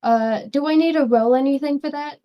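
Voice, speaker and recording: A woman taking part in a casual tabletop role-playing game, asking hesitant questions about what to roll. Her voice sits a little high for a woman and she trips over her words now and then. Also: fairly quick, highs cut off. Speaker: player.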